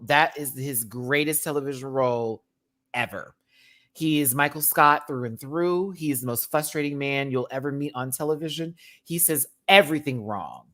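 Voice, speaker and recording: A woman's voice: low-pitched, a bit bright. A woman hosting a casual chat, talking animatedly and laughing often as she acts out scenes. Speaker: host. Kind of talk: casual chat about a TV show.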